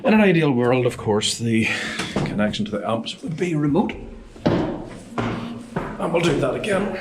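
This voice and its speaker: A man's voice: mid-range voice, very animated, a little slow, background noise. A man working as an AV installer, talking through each step of tuning a sound system as he goes. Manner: methodical, explains each step as he works. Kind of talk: casual narrated work vlog. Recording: long hall reverb.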